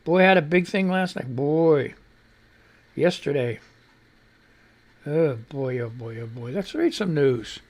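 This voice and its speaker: Man, middle-aged, gravelly voice, rambling, sarcastic, repeats words, casual live show host. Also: fairly high pitch, lively intonation, a little slow, pauses often. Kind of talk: casual chat reading comments aloud.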